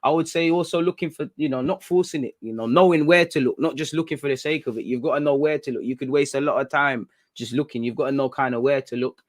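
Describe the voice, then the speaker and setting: A British man from England hosting a casual livestream, chatting in slang, reading viewer comments and talking with animated energy. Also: medium pitch, fast talker, hardly any pauses. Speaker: livestream host.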